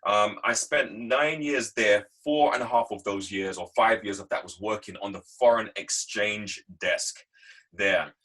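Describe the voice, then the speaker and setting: A man's voice: fairly low pitch, a little slow, pushed and bright, poor audio. A man giving a motivational talk, telling stories from his working life in an emphatic, repetitive way. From England. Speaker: guest speaker. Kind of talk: motivational talk on a video call.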